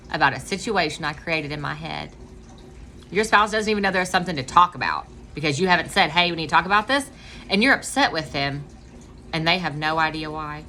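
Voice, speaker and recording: A woman's voice: lowish voice, pushed and bright, a little hiss or hum. A woman giving direct, earnest advice on marriage communication in a casual talk, acting out the things people say in their heads. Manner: earnest and direct, acts out inner dialogue.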